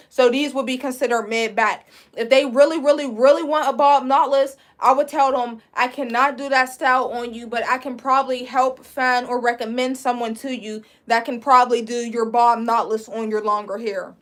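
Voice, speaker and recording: A woman's voice: high-pitched, fairly bright tone. A young woman, chatting casually as she teaches a live braiding class and answers viewer questions. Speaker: braiding instructor.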